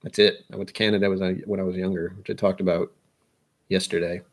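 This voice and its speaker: A man's voice: sits low, level tone, fast. A young American man hosting a whiskey channel, rambling casually and poking fun at himself. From United States. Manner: self-deprecating, musing aloud.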